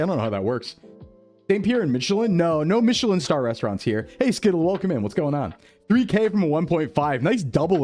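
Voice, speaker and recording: Chatty guy streamer, kinda high voice, bouncy pitch, quiet music behind. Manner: upbeat, chatty, greets chat by name. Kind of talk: casual live-stream chat.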